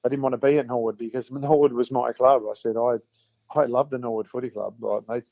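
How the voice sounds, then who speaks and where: A man's voice: mid-range voice, fairly even intonation, quick pace, dry recording. Man, rambling football yarns, dry dull-sounding recording. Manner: chatty, repeats words, acts out quotes. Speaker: former footballer guest. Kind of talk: storytelling interview.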